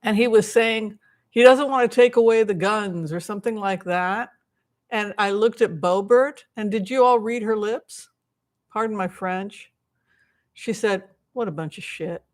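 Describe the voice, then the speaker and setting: A woman reading tarot on a casual live stream rambles along with plenty of asides, answering viewer questions and thanking donors. Her mid-range voice is fairly even in intonation, unhurried, and a bit mellow.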